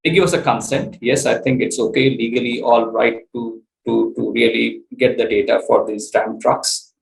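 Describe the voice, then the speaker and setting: A man, a startup CEO, explaining his business in an interview, halting with many fillers and restarts. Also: mid-range voice, fairly even intonation, gravelly, low-quality recording. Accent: Indian English.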